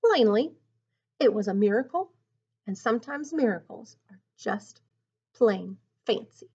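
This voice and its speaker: A woman reads a picture book aloud in an expressive, teacherly manner, stopping to muse on the story. Her voice is high and very animated. The recording is dull and lo-fi. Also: unhurried, breathy edge. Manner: expressive, teacherly, thinks aloud between passages. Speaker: storybook reader.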